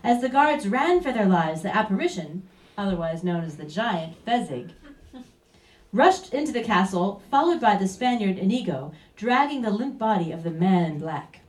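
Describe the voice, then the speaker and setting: A woman's voice: medium pitch, sing-song, normal speed. A woman telling a comic story aloud in a theatrical, playful narrating manner. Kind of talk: comic live story reading. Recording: roomy, distant mic.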